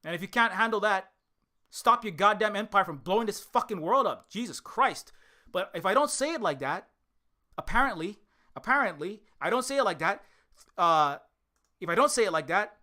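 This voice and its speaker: A man from Hawaii, an indie game developer, delivering a heated, profane rant to camera, repeating himself and swinging from shouting to weariness. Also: high-pitched, animated, normal speed. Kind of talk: direct-to-camera angry rant.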